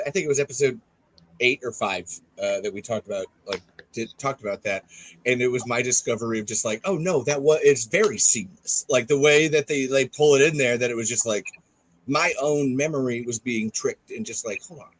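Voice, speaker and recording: A man's voice: medium pitch, brisk, slight background noise, rough recording. A man chatting casually on a podcast, rambling and swearing freely. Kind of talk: casual chat.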